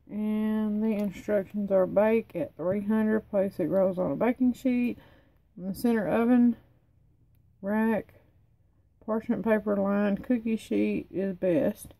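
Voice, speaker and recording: This woman's voice is medium-pitched, gravelly and dark, and the low-quality recording carries slight background noise. She's a cooking vlogger, worn out and losing her voice, chatting and rambling in her home kitchen while reading cooking directions off the package during a relaxed cook-along.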